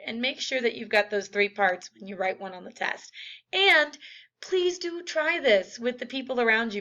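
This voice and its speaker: A woman's voice: a little high, a bit bright. A woman teacher giving a casual recorded lecture, with lots of fillers. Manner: casual, chatty, many fillers. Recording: dull lo-fi audio.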